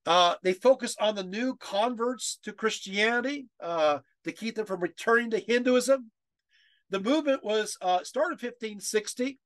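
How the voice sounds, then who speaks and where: A man's voice: sits high, normal speed, no room sound. A man giving a history lecture over a video call, reading quotes aloud and getting choked up with emotion, with many fillers and rhetorical questions.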